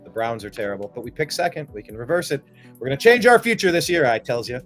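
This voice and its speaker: This is a talk-show host from the Cleveland area with a slightly high voice. He is chatty and jokey, and he bursts into loud, excited outbursts. Faint music plays underneath his voice. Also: fast. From Cleveland, Ohio area. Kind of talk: political talk show chat.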